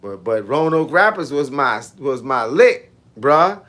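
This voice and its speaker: A man's voice: medium pitch, big pitch swings, a little slow, fairly bright tone. A man, a fitness coach chatting casually with viewers on a livestream in laid-back, slangy banter. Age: 50s.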